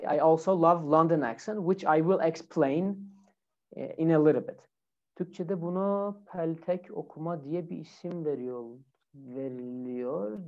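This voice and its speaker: Woman teaching english pronunciation online, low voice, repeats each word, muffled lo-fi sound. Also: a little mellow. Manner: slow, repeats each word several times.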